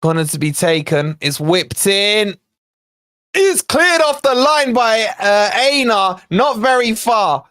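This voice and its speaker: A man with a high voice calls a football match live for a fan channel, talking straight to his chat. He swings between steady play-by-play and sudden excited shouts whenever a chance comes. His voice sounds close and dry, with no room around it. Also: takes it slowly, no echo. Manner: excitable, bursts into shouts at chances then calms; chatty asides to viewers in the chat. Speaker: fan channel watch-along host. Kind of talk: live match watch-along commentary.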